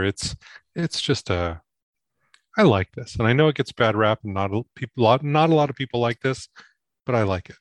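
A man with a low voice in casual podcast chat, teasing and enthusiastic as he tastes whiskey. The sound is dry and close, with no room behind him. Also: no room sound. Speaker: co-host.

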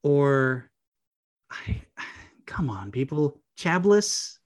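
A man's voice: medium pitch, unhurried. A man on an emphatic, sardonic rant, his exasperation spilling into casual podcast talk. He hits his points hard and dryly.

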